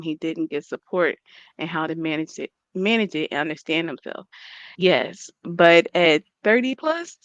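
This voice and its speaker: A woman's voice: lowish voice, a bit bright, no room sound. A woman co-hosting a casual commentary stream, rambling and hesitant with many fillers. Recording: dull lo-fi stream audio.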